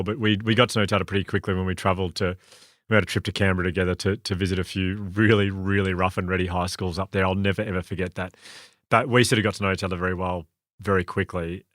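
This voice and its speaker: A man's voice: low voice, a bit bright, no echo, clean studio sound. A man co-hosting a podcast in casual chat, enthusiastic, often restarting his sentences. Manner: quick, self-correcting, enthusiastic. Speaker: podcast co-host.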